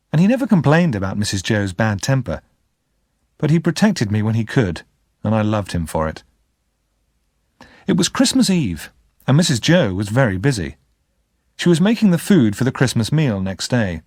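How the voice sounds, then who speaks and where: Expressive male audiobook narrator. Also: fairly low pitch, no room sound, clean studio sound. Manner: expressive, lively. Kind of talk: scripted narration.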